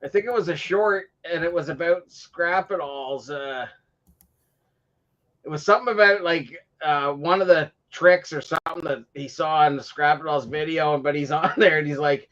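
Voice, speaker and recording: A man's voice: a little high, moderate pace, a bit bright. A man hosting a casual chat show, telling rambling stories and breaking into laughter often. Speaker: podcast host. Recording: dull lo-fi livestream audio.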